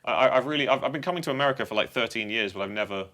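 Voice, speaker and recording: A man's voice: medium pitch, racing, pushed and bright. A man from England with a posh English accent, chatting casually and joking as a guest musician. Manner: chatty, jokey, laughs often. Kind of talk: casual chat.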